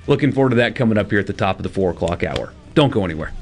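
Lively male sports radio host. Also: fairly low pitch, racing. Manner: lively, plugs upcoming segments. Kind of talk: sports talk radio chat.

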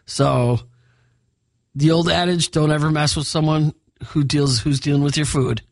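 A man's voice: on the high side, fairly even intonation, moderate pace, gravelly, dry recording. A man with a Minnesotan accent co-hosting a morning radio show, chatty and laughing often as he reads station announcements in a studio. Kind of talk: casual on-air banter. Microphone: studio microphone.

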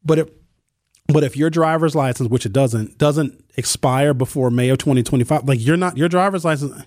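A man's voice: mid-range voice, moderate pace, a little mellow, no echo, clean studio sound. A man hosting a call-in talk show in a chatty, joking way. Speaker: radio talk show host. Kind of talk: casual call-in show chat.

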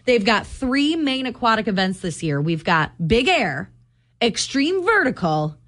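A woman's voice: fairly high pitch, sing-song, a little slow, a bit bright. Bubbly female radio co-host. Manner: bubbly, laughs a lot. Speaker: radio morning show co-host. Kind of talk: upbeat radio banter. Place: radio studio.

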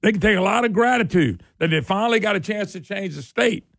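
Lively intonation marks this male political radio host as he rants sarcastically in a folksy style, talking fast. His high, gravelly-fried voice has a fairly bright tone, and the dry, close studio audio has no room sound.

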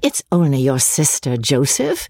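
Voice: mid-range voice, big pitch swings, measured pace, darkish tone, no echo. A reader voicing a cheerful young girl just home from school.

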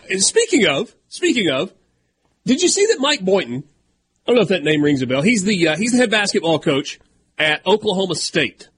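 Southern male sports radio host, slightly high voice, reads rulings aloud then talks them over casually. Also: fairly bright tone, breathy edge. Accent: Southern American. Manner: reads documents aloud, then riffs conversationally.

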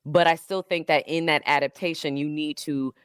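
A woman's voice: low-pitched, steady tone, normal speed, smooth, dry recording. A woman hosting a call-in radio talk show, talking in an emphatic, slangy way and firing off rhetorical questions into a studio microphone.

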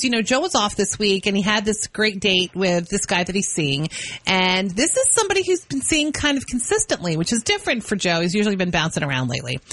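A woman hosting a morning radio show, teasing and pushing her co-host in a lively banter. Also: medium pitch, no echo. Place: radio studio. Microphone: studio microphone.

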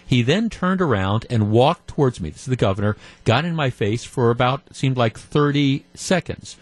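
A man's voice: mid-range voice, expressive, normal speed, hardly any pauses, no room sound. A man hosting a call-in radio talk show, retelling a story in a conversational way. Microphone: studio microphone.

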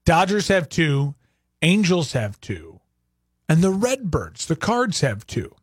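A man's voice: sits high, fairly bright tone, no room sound, clean studio sound. A man hosting a sports talk show, ranting with rhetorical questions in opinionated commentary.

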